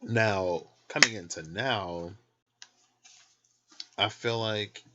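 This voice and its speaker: A man with a fairly low voice hosts his tarot channel from bed at home, snacking and laughing as he rambles candidly in a casual late-night vlog. He talks extremely slowly, and the lo-fi recording carries heavy background noise.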